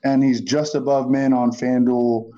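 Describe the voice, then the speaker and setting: A man's voice: mid-range voice, little pitch movement, unhurried, warm tone, dull audio. A man discussing fantasy football receivers in a loose podcast chat, thinking aloud with restarts.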